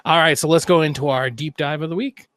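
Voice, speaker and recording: A man's voice: fairly high pitch, fast talker, a bit bright, dry recording, studio quality. A man co-hosting a casual gaming podcast, jokey and rambling, with playful asides. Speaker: podcast co-host.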